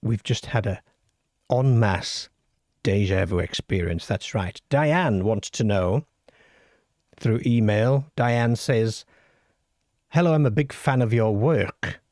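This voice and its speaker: A man's voice: lowish voice, slow, long pauses, darkish tone, no room sound, studio quality. A middle-aged or older man hosting a late-night paranormal call-in show, reading out listener stories and chatting wryly with his live audience. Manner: wry, self-deprecating, chatty with the live chat.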